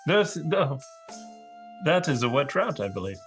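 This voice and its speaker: A man's voice: fairly high pitch, very animated, unhurried, soft background music. A man playing a tabletop role-playing game, hesitant and wry in character. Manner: hesitant, full of fillers, wry. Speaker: player.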